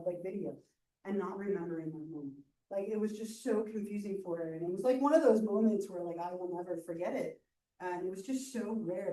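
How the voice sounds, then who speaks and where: A woman teaching a psychology class, telling a story in a casual, animated way full of fillers. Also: mid-range voice. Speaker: psychology instructor. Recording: roomy classroom mic from far off.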